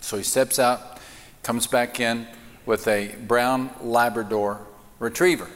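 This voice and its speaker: A man preaching a sermon in a church, telling a joke with voices and then speaking slowly and emphatically. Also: medium pitch, steady tone. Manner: acts out the joke's voices, slow emphatic preaching. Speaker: pastor. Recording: reverberant church hall.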